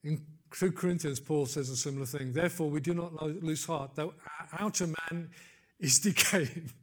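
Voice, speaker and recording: Older man preaching with rising fervor. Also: moderate pace. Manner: builds to loud emphatic peaks, then drops low and soft; conversational asides and gentle humor. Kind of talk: sermon.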